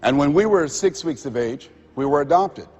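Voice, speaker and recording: A man from Miami, Florida telling his life story to an audience in an earnest, measured way. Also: fairly high pitch, expressive, a little mellow, slightly rough. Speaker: motivational speaker. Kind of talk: personal testimony speech. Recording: dull recording in a reverberant hall.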